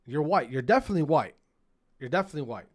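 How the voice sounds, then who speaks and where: A gaming streamer with a highish, animated voice talks rapid-fire through his gameplay. Over the sound of in-game gunfire, his casual commentary becomes profane ranting at teammates, repeated again and again.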